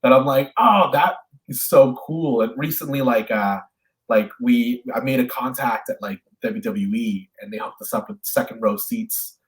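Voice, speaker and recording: Animated man telling stories with a stammer. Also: medium pitch, moderate pace, rough recording. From Canada. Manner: animated storyteller, acts out voices in anecdotes; stammering restarts when thinking aloud. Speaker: actor and guest. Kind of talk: casual video interview.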